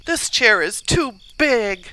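A woman's voice: on the high side, expressive, takes it slowly, bright, forceful tone, heavily acted. A woman voicing a fussy little girl in a storybook reading, with a whiny edge to her lines. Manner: whiny, then sighing contentedly. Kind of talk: storybook read-aloud.

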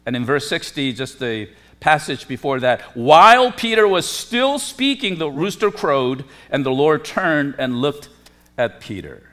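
A man preaching a sermon as pastor, emphatic, with forceful rising peaks on key words. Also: medium pitch, animated, a little slow. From lived in Korea.

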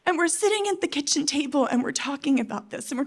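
A woman giving an impassioned, tearful conference address, pleading and emphatic with her audience, swinging between loud outbursts and soft, hushed moments. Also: sits high, animated, quick pace, hardly any pauses. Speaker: conference speaker.

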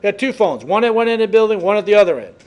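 High-voiced folksy instructor. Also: male voice, big pitch swings, racing, darkish tone, lo-fi sound. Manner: folksy, chatty storyteller. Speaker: college instructor. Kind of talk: classroom lecture with anecdotes. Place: classroom.

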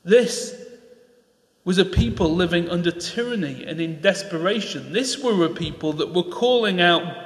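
A man's voice: high voice, animated, moderate pace. A man with a Northern English accent preaching a passionate sermon in church, building to pleading questions and getting openly enthusiastic. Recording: echoey church hall.

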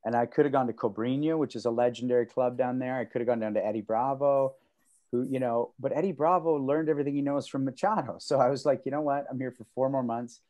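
A man co-hosting a casual martial arts podcast over a video call, telling stories and acting out quotes in sudden loud, high bursts. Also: steady tone, fast. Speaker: podcast co-host.

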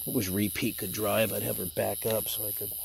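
A man's voice: lowish voice, flat delivery, a little fast, gravelly, noisy background. Rambling, profane man outdoors at night. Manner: rambling, profane, talks to the animal and his dog. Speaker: hunting vlogger. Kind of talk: casual rambling commentary. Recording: loud night insects outdoors.

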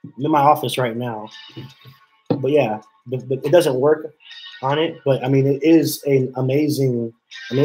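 A man's voice: on the high side, darkish tone, poor audio. A man hosting a casual live stream from his home office, rambling and repeating himself as he reads chat messages aloud. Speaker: livestream host.

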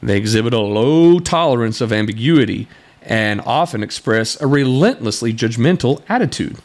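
A man's voice: mid-range voice, lively intonation, normal speed. A man hosting a podcast, responding to a video in a sarcastic, exasperated commentary and laughing between points. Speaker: podcast host.

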